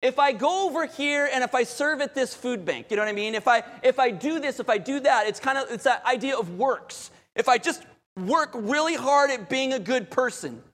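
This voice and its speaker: A man preaching a sermon as pastor, dramatic, moving between loud urgency and hushed calm. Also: very high-pitched, normal speed. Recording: long hall reverb.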